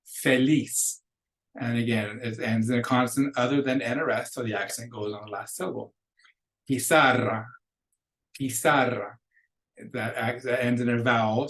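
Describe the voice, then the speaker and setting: A man teaching a beginning Spanish lesson, patiently explaining rules and modeling each word slowly before repeating it. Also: medium pitch, rough recording. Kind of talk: recorded classroom lecture.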